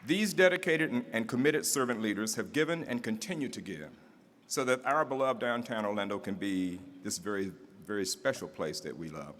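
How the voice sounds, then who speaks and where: In a large event hall before an audience, a man serving as master of ceremonies at a civic event reads formal introductions and builds to a rousing, rhythmic oratorical close. His voice is fairly low, expressive and fairly bright, at a normal pace. The hall is reverberant, with faint room ambience and slight background noise.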